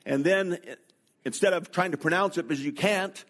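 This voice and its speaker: Slow, storytelling middle-aged male pastor. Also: high voice, a bit bright. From North America. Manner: slow, deliberate, anecdotal delivery. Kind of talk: sermon storytelling.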